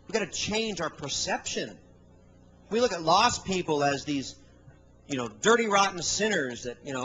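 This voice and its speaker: Middle-aged male preacher, high-pitched, energetic storyteller at a church service. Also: normal speed, a little hiss or hum, poor audio. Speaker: guest preacher. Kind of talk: sermon.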